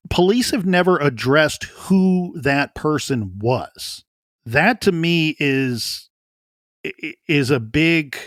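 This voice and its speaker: A man's voice: fairly high pitch, a bit bright, dry recording, studio quality. Earnest man talking true crime. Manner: earnest, repeats words while thinking aloud. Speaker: podcast co-host. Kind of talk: true crime podcast discussion.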